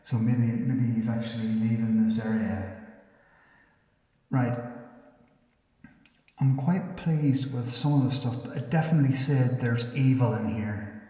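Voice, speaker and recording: A man investigating the paranormal, calling out slowly and politely to spirits inside an old house and pleading with them to answer. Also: mid-range voice, dark tone. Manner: slow, polite, pleading questions to the unseen. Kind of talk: ghost-hunting session, calling out to spirits. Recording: echoey room, far from the camera mic.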